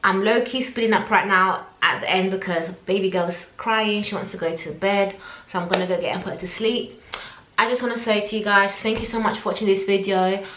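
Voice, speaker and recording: A woman's voice: mid-range voice, brisk, slight background noise. A young woman, telling a personal story to camera and acting out what everyone said. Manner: animated, acts out her own quotes. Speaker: vlogger. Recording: echoey room.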